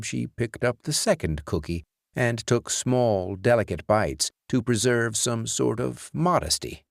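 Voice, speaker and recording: A male audiobook narrator reading a scary story in an unhurried, deliberate way. His voice is gravelly, with lively pitch movement, and the recording is dry and close. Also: no room sound. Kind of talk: scripted horror narration.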